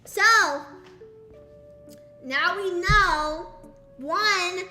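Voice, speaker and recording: High, bright excitable young woman streamer. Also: extremely slow, echoey room, faint music behind. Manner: excitable, exaggerated disbelief. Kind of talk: casual live-stream chat.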